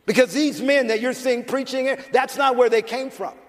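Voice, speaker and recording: High-pitched older man preaching in a hall. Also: moderate pace. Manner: emphatic, conversational preaching with restarts and asides. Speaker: pastor. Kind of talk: sermon. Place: church sanctuary. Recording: church hall with long reverb.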